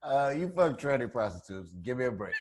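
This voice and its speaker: A man's voice: mid-range voice, very animated, fairly quick, crowd noise. A man co-hosting a podcast in casual chat, making wisecracks and exclamations. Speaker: podcast co-host.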